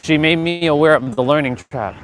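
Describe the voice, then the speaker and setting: A man's voice: fairly high pitch, a little fast. Earnest rambling man outdoors, faint traffic. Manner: earnest, rambling, many fillers and restarts. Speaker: live-stream host. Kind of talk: casual motivational livestream talk.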